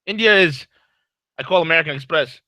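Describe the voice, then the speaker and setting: A man co-hosting a casual talk show, giving blunt opinions in an animated, rambling way. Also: on the high side, brisk, no echo, low-quality recording. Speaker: co-host.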